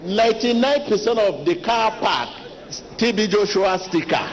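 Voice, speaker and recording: A man preaching a sermon as pastor, talking to the congregation directly, animated and repetitive. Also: high voice, normal speed. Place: large church hall. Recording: long church reverb with faint ambience.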